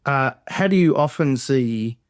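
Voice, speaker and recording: A man's voice: medium pitch, expressive, measured pace, clean tone, no room sound, clean studio sound. A man co-hosting a workshop, breaking in with hesitant questions. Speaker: co-host asking questions. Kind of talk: conversational workshop.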